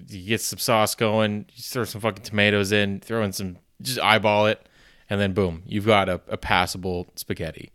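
A man with a fairly low voice hosts a solo podcast in casual chat. He rambles, pokes fun at himself, swears freely and fills gaps with "you know" and "um". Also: a bit bright, smooth. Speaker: podcast host.

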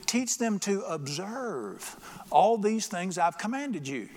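A man's voice: high voice, very animated, takes it slowly, darkish tone. A middle-aged man preaching a sermon as pastor, folksy and storytelling, acting out little voices in his jokes. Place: church sanctuary. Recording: long church reverb.

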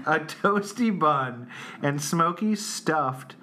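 A man's voice: on the high side, animated, bright, forceful tone. A man co-hosting a casual podcast who reads a menu aloud with jokes and frequent laughter. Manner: jokey, laughs often, drawn-out reading. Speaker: podcast co-host.

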